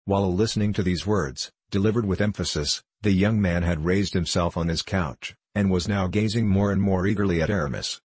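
A man narrating a classic novel as an audiobook in a measured, even way. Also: low voice, breathy edge, no room sound.

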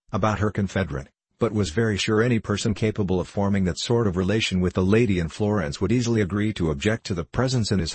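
A man reads a classic novel aloud in a measured, literary manner. His voice is very low and husky, and the recording is dry and close. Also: no room sound. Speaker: narrator. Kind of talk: audiobook reading.

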